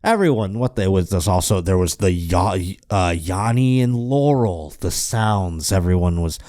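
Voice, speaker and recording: Hungover dude riffing on the news, low warm voice, kinda rambly. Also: male voice, animated, a little slow, no room sound, studio quality. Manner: rambling, joking, self-interrupting. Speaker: host. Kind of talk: casual comedic news chat.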